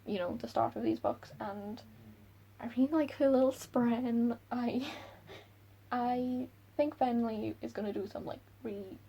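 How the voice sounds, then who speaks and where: A woman book vlogger chatting casually and excitably about characters she loves and hates. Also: fairly high pitch, breathy edge, muffled recording. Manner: gushing, excitable, quick laughs. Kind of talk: casual chat.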